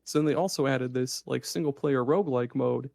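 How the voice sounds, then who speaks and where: A man co-hosting a podcast in casual chat, excited and swearing freely as he rambles. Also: medium pitch, a little fast, gravelly, no room sound. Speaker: podcast co-host.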